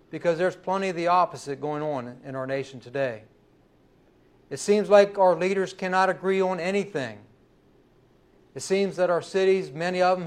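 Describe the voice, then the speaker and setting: A man preaching a sermon as pastor, pressing his points with rising emphasis and slowing down to stress key words. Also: high voice. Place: church.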